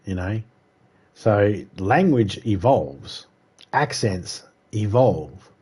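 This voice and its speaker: A man's voice: lowish voice, expressive, drawn-out words, a little mellow, husky. A man live-streaming a survival game, rambling and cursing casually as he talks to viewers. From United States. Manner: rambling, profane, chatty monologue.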